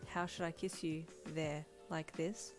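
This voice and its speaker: A woman voicing a calm, earnest young man in a gentle, soft-spoken way while reading a fan fiction aloud. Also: deep voice, measured pace, faint music behind. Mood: tender.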